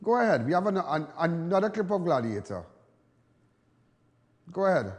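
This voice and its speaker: A man's voice: fairly high pitch, sing-song, normal speed, darkish tone, in a large hall. A Trinidadian man hosting live television talk, emphatic, repetitive and defiant. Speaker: TV host.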